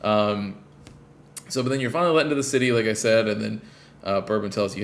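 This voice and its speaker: A man's voice: lowish voice, fast, gravelly. A man co-hosting a podcast, rambling in casual chat with lots of fillers and the odd swear word. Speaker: podcast co-host.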